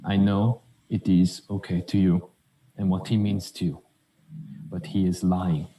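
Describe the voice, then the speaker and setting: Low-ish guy player, blunt and pushy, echoey room w faint hiss. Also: little pitch movement, measured pace, mellow. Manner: blunt, confrontational. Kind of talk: tabletop role-play.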